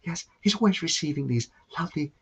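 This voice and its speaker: Rambling older man, lively voice. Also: a little high, fast talker, creaky, slightly rough. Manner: jokey, chatty, self-interrupting storyteller. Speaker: host. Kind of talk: rambling monologue. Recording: dull lo-fi sound.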